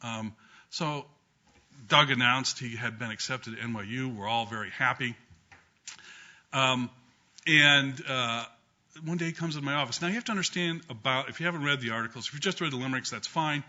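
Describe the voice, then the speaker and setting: A man's voice: medium pitch, a little fast, sharp tone. A middle-aged man, a law professor, tells humorous anecdotes at a memorial gathering, with frequent ums and restarts. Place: law school courtroom with an audience. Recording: dull lo-fi recording.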